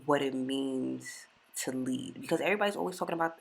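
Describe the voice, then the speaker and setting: A woman's voice: rumbling low, fairly quick, gravelly, slightly rough. A woman, hosting a casual solo podcast chat in a candid, slangy way. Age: 20s. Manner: candid, slangy and chatty, swears freely. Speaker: podcast host.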